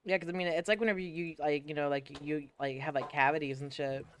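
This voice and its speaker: A man's voice: fairly high pitch, steady tone, fast talker, a little hiss or hum. A young man from the United States chatting casually on a stream, rambling through stories and swearing a lot. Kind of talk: casual chat.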